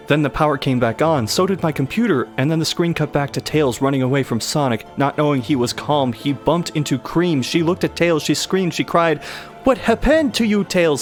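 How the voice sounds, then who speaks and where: A young man hosting a comedic live reading of a bad horror story, stumbling over misspellings and cracking up. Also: a little high.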